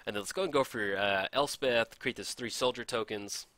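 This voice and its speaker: Excitable, bright-voiced male game commentator. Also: mid-range voice, moderate pace, no echo. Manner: excitable, laughs often, chatty and self-deprecating. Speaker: gameplay commentator. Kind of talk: casual card game commentary.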